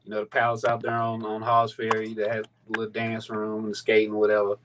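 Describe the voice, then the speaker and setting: A man in his thirties from St. Louis, telling a sneaker story in a profane, animated, casual chat. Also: on the low side, brisk, background noise. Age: 30s. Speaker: sneaker battle contestant.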